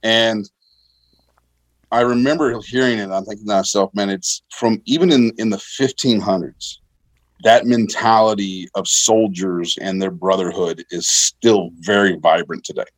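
A man, an army veteran, telling his service stories in a relaxed, rambling way, with fillers and self-corrections. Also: on the low side, normal speed, no echo, rough recording. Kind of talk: casual conversational storytelling.

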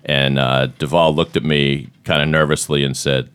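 A middle-aged man with an extremely deep voice hosts a casual podcast chat. He is playful and jokey, tossing out quick bits and getting excited. He is from Massachusetts. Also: clear, resonant tone. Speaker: podcast host.

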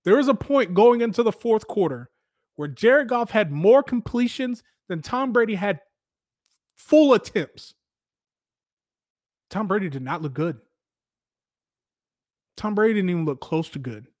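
A man hosting a casual football commentary show, giving opinionated, animated takes with lots of filler words. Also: sits high, slow, long pauses, dry recording, clean studio sound. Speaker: sports podcast host.

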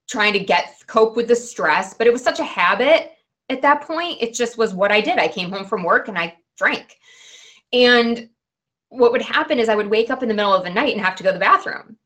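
A woman in her forties telling her own story as a podcast guest, chatty and animated, dotting her talk with "like" and "you know". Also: medium pitch. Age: 40s. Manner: chatty, animated, peppered with "like" and "right". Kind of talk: candid personal storytelling.

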